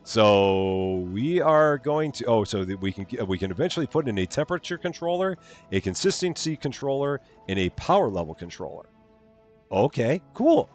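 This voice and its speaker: Over faint background music, a man with a medium-pitched, sing-song voice talks at a moderate pace while streaming a game. His commentary is chatty and playful: he reads the on-screen text aloud and tosses in jokey asides as he goes.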